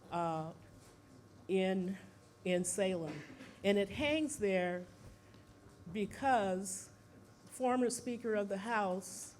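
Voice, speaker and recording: A speaker giving an informal talk at a seminar, out of breath, pausing often on fillers and putting questions to the audience. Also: medium pitch, slight background noise. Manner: halting, many fillers, asks the audience questions.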